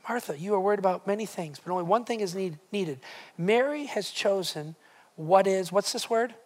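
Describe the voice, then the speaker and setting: A pastor preaches a sermon emphatically, often repeating words and putting direct questions to the congregation. His voice sits high.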